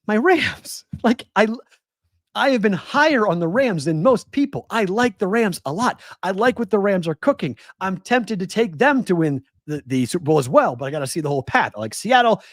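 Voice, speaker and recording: Animated ranting man in his forties. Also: sits high, fairly quick, hardly any pauses, dry recording, clean studio sound. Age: 40s. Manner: exasperated, ranting, rhetorical questions. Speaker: sports betting show host. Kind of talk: animated sports talk. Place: West Coast.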